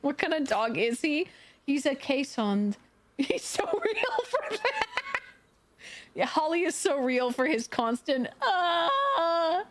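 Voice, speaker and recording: A woman's voice: sits high, huge pitch swings, measured pace. A woman streaming, chatting casually, often laughing and talking fondly to her dog. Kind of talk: casual live-stream chat.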